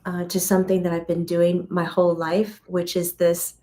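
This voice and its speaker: A woman's voice: lowish voice, completely flat delivery, normal speed, mellow. A woman who hosts as a spiritual medium, teaching casually to a live audience, chatting, laughing often and acting out little scenes. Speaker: spiritual medium and channel host.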